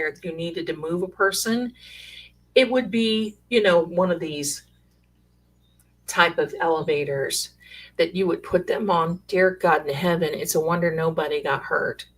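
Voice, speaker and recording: A middle-aged woman telling rambling, animated stories in a casual way. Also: on the low side, measured pace. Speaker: storyteller sharing paranormal stories. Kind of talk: casual storytelling.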